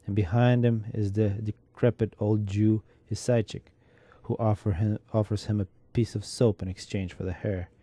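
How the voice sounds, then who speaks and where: A man reads a literary story aloud at an unhurried, measured pace. His voice is very dark and mellow and slightly low, and it is recorded close and dry with no room sound. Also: flat delivery, no echo. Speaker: narrator.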